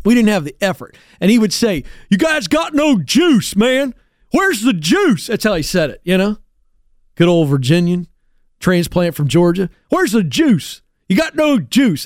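A man's voice: sits high, darkish tone, no room sound, clean studio sound. A man hosting a career advice show, talking emphatically and with a coach-like push. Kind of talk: energetic talk-show monologue.

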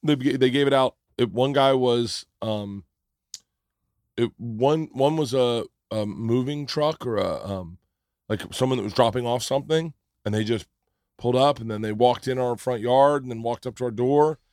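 A man's voice: mid-range voice, normal speed, a little mellow, dry recording, clean studio sound. A man hosting a podcast, telling a story in casual chat, often restarting his sentences. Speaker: podcast host.

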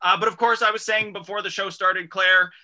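A man hosting a radio comedy show from a studio, his voice very bright and slightly high for a man. He talks in an energetic, jokey way and stretches his announcer lines out. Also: fairly quick.

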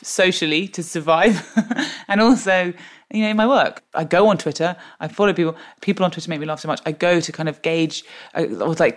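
A woman, a guest on a podcast, telling anecdotes in an animated way and laughing often. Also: deep voice. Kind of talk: interview anecdote.

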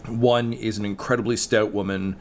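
A man's voice: lowish voice, flat delivery, moderate pace, slight background noise. A man narrating as game master, rambling with many fillers and restarts.

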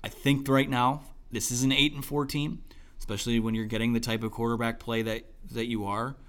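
Man, sports analyst, post-game football chat, hoarse voice, halting, many ums and restarts, mid-pitched. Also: little pitch movement, a bit bright. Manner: thinking aloud with many fillers and restarts. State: losing his voice.

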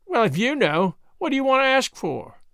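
A coarse, sullen serving woman who screeches back at anyone who questions her, as a man puts her on. She talks in rough country speech, pitched high and swinging wildly. The recording is dry and close, with no room sound. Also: sing-song, normal speed, fairly bright tone, no echo, full character voice. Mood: sullen defiant. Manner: shrill, rough rustic speech. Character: sulky coarse gaunt woman servant.

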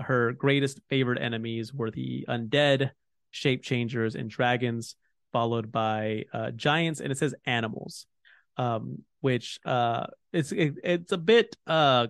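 A man's voice: medium pitch, fairly even intonation, unhurried, vocal fry, a bit bright, dry recording, studio quality. A man hosting a podcast, chatting casually about game lore and filling his talk with lots of "you know" and "like". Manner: rambling, heavy on fillers like "you know" and "like". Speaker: podcast host.

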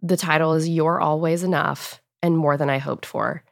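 A woman's voice: low voice, fairly even intonation, moderate pace, creaky, no echo, clean studio sound. A woman in her thirties, a guest talking earnestly and emotionally in a casual interview, at times choked up. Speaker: guest author.

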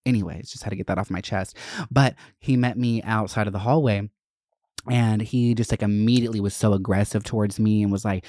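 A young adult vlogger telling a school story in a profane, animated, gossipy way. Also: mid-range voice, brisk, dry recording, studio quality. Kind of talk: casual storytelling.

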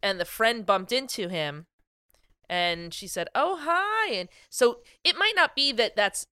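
A woman with a bright, crisp voice co-hosts a podcast and chats in an animated way. Her delivery is sharp and clear. The sound is dry and close. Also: medium pitch, a little slow, dry recording. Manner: chatty, animated, laughs often. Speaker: podcast co-host. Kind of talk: casual comedic chat.

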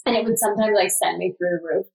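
A woman's voice: medium pitch, quick pace, creaky, poor audio. Chatty woman telling a story animatedly. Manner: animated, filler-heavy retelling with frequent "like". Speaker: podcast guest. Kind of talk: casual storytelling.

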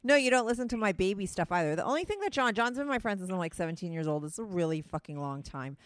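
A woman's voice: medium pitch, animated, fast talker, no room sound. A woman in her thirties with a New Jersey or New York accent, hosting a podcast and chatting bluntly, teasing a friend with lots of fillers. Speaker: podcast host. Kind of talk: casual chat over a phone call.

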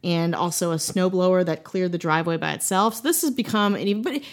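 A woman's voice: fairly low pitch, fast talker. A woman from Wisconsin hosting a podcast, telling a spooky story in a casual way with playful, jokey asides. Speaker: podcast host.

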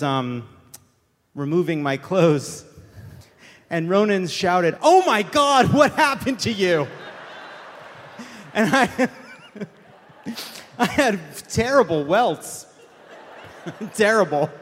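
A man hosting a talk show, giving a rambling, self-mocking comic rant with plenty of swearing. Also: high-pitched. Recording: reverberant hall, faint room noise.

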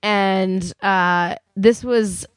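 Slow-talking woman podcast co-host, dry mic. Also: mid-range voice, fairly even intonation, clear, resonant tone, dry recording. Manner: laughs often, swears casually. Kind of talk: casual chat.

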